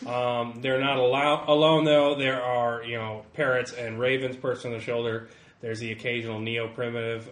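A man running a tabletop game, describing scenes with loose, easygoing narration. His voice is bright and forceful. The recording sounds roomy. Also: medium pitch, level tone, moderate pace, slight background noise. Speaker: game master.

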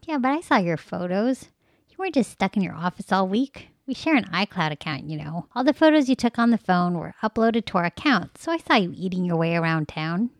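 A woman's voice: medium pitch, big pitch swings, a little fast, no echo. A woman co-hosting a casual podcast chat, teasing and playful with her partner. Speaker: podcast co-host.

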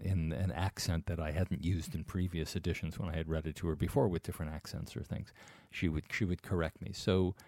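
A man hosting an interview, chatting in a relaxed, conversational way. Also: sits low, no echo, studio quality. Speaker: interview host. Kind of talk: radio interview.

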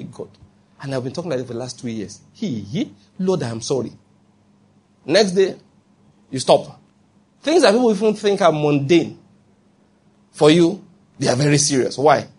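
A man's voice: a little high, breathy edge. A man preaching a sermon in a conversational way, acting out quoted voices and often checking that listeners follow. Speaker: pastor.

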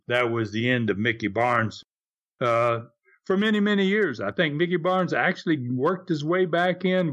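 An older man in his seventies spins anecdotes for an interviewer in a plain, middle-pitched voice. He chuckles as he goes and slips into voices for the people he quotes. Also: a bit bright, dull audio. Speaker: interview guest. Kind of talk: storytelling interview.

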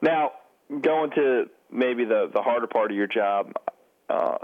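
A man's voice: medium pitch, unhurried. Man asking questions over a tinny phone line. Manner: long, winding questions. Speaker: podcast host. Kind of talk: podcast interview questions.

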